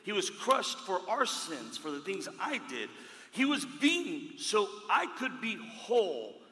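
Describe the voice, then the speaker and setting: A man preaching a sermon, emphatic, swinging from loud declarations to hushed words, recorded in a church hall. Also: high-pitched, wildly swooping pitch, unhurried. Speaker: pastor. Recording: echoey hall with long reverb.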